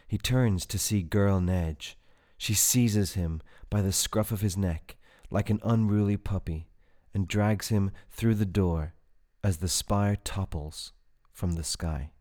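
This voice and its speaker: A man narrates a dark fantasy audiobook in a low voice. He takes his time over each line, reading steadily and evenly. The delivery is measured rather than rushed. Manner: measured and unhurried.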